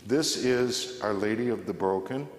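A man's voice: fairly low pitch, measured pace, a little hiss or hum. Middle-aged guy spinning a funny story in a big church hall, voices the people in it, roomy echo. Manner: conversational, humorous, acts out the voices in his story. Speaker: guest speaker, former radio host. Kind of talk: storytelling talk to a church audience. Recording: echoey hall with long reverb.

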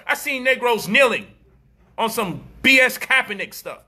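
High, sharp-voiced man ranting mockingly. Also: normal speed. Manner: animated, profane, mocking, acts out quoted voices. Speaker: commentator. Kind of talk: street-style commentary monologue.

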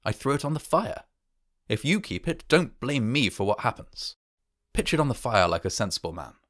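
A grim old sergeant major speaks in a low, gruff and solemn way, voiced by a man reading a horror tale. His warnings come out slow and heavy. The sound is dry and close. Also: animated, fairly bright tone, no echo. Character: grave old male sergeant major, ominous.

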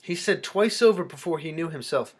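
A man giving a close-reading lecture on a poem, reflective and halting, with frequent fillers and restarts. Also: fairly high pitch, animated. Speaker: literature lecturer.

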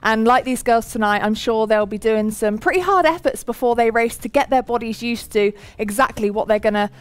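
A woman's voice: a little high, a little fast, smooth, no echo. A woman co-hosting a live race show, a former Olympic rider chatting cheerfully. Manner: cheerful, laughs easily. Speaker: co-host and former Olympic cyclist. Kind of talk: casual live-stream chat.

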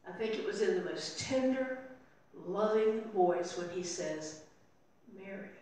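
An older woman preaching a sermon as pastor, telling the story and voicing its people softly. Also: medium pitch, lively intonation, a little slow. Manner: storytelling, acting out voices softly in quotes. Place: church sanctuary. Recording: very echoey room, voice from far off.

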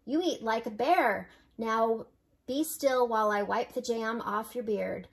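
Grandma reading as a kindly old granny. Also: female voice, fairly high pitch, measured pace. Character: kindly old grandmother, half deaf, near-sighted. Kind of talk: storybook read-aloud.

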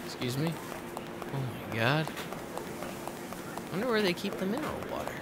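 A man streaming a video game, commentating live in an excitable, profane way and yelling at the characters. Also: a little high, moderate pace, very noisy.

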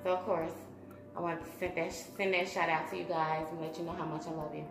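A woman, chatting casually to her viewers as a mukbang vlogger and giving shout-outs. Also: on the low side, level tone, brisk, roomy sound, music in the background, rough recording. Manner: chatty, warm shout-outs, bursts of humming.

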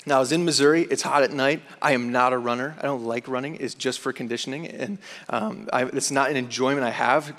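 Young man telling a story in a reverberant chapel. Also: medium pitch. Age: young adult. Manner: animated storyteller, acts out his own panic. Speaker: student chaplain. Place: large university chapel. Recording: long hall reverb.

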